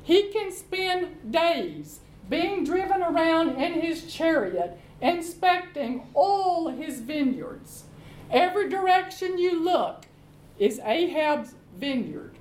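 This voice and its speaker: A woman preacher tells a story in a sermon, acting out its quotes. Her high voice rises and falls a great deal at an unhurried pace. The sound carries a roomy echo with faint ambience behind it. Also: very animated, darkish tone.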